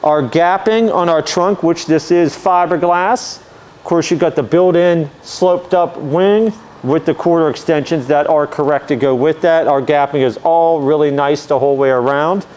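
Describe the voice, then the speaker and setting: Male dealer host, steady unhurried walkaround patter, clear smooth tone, slightly high pitch. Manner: easygoing, methodical, many "um" and "uh" fillers. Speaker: car dealer walkaround presenter. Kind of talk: casual vehicle walkaround narration.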